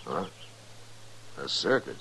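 An actor playing a steady frontier marshal who speaks calmly and with quiet authority, in 1950s radio drama style. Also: male voice, takes it slowly, gravelly, slight background noise, exaggerated voice. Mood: hushed steady. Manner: calm, low-key, commanding.

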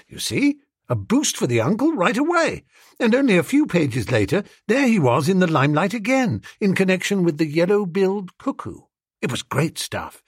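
Comic audiobook narrator, husky, dry and close, very animated. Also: male voice, sits high, normal speed, no room sound. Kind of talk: scripted narration.

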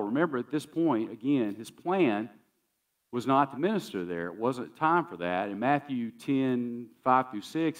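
A man's voice: lowish voice, recorded from a distance. A man pastor preaching a sermon in a conversational, emphatic way, often repeating key phrases.

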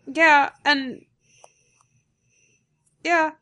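A woman co-hosting a casual talk show, speaking in halting phrases and often repeating words. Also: high voice, steady tone, sharp tone. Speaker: podcast co-host. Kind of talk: casual chat.

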